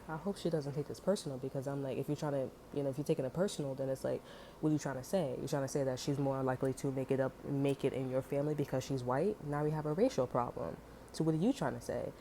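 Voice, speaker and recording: A woman's voice: very deep voice, mellow, a little hiss or hum. A woman telling a story in a casual, heated monologue, swearing often and filling her talk with "you know" and "like". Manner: heated, profane, many fillers.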